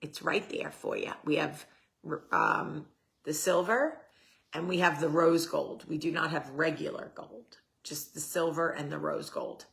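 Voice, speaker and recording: Slow, bright-voiced woman hosting a chatty livestream. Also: deep voice, steady tone, vocal fry. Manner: chatty, talks straight to viewers and reads their comments aloud; swears casually. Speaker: host. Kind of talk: casual livestream chat.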